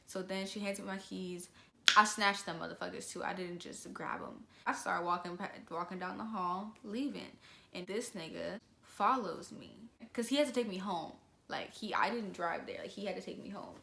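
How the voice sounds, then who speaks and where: A young woman telling a story to camera in a casual, slangy, animated way. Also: lowish voice, normal speed, gravelly, echoey room. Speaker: vlogger.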